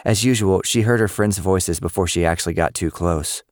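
A man narrating a story in a steady, even storytelling manner. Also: low-pitched, moderate pace, no room sound, studio quality. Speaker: audiobook narrator. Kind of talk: scripted narration.

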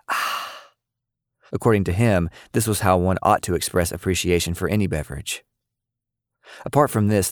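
A man with a very low, deep voice reads a scripted audio story in a steady, even way. The recording is dry and close-miked, with no room echo. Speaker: narrator.

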